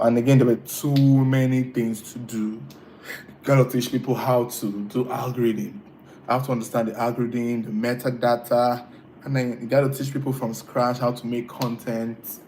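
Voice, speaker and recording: A man's voice: mid-range voice, mellow, a little hiss or hum, low-quality recording. A man hosting a casual live stream, chatting with viewers, teasing them and laughing often. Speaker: livestream host reading chat.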